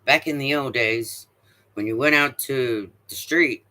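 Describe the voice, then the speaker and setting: A man's voice: medium pitch, a little slow, sharp tone. A man ranting in a casual monologue, blunt and profane, who keeps pressing the listener with rhetorical questions. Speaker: vlogger.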